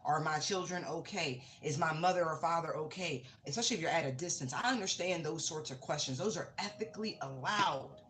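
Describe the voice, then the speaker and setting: A woman's voice: deep voice, brisk, hardly any pauses, fairly bright tone, a little hiss or hum. A woman giving a casual tarot reading, talking bluntly and swearing freely. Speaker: tarot reader. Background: music.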